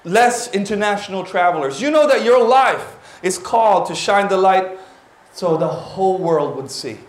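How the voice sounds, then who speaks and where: A man, preaching a lively, exclaiming sermon to his church. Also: high voice, normal speed. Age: 40s. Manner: animated, exclaiming, drops in Tagalog words. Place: church hall. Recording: roomy church hall.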